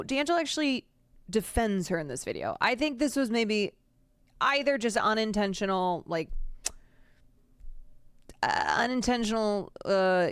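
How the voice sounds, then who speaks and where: A woman's voice: mid-range voice, clean tone, no echo, studio quality. A woman streamer commenting casually on a video, rambling and emphatic, with restarts and fillers. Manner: emphatic, repeats words for stress.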